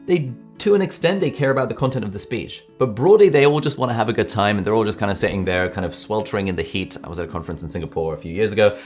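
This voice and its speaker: A young man talks fast and breezily to camera, in a fairly low voice. His delivery is chatty and informal, with self-aware asides. Soft music plays faintly behind him. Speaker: YouTube host giving speaking tips. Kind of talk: casual talk to camera.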